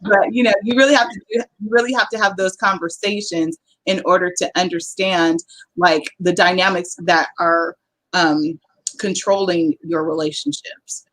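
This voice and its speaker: A woman's voice: lowish voice, fairly even intonation, normal speed, fairly bright tone. Chatty woman with a Southern Californian accent. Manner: chatty and candid, with many fillers. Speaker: panel guest. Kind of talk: casual panel chat.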